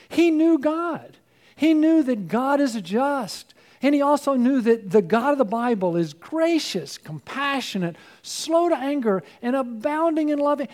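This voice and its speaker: A man preaching a sermon, earnest and full of rhetorical questions, his voice worn and giving out, with frequent throat clearing. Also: high voice. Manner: earnest, rhetorical questions, swings from loud to hushed. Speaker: pastor.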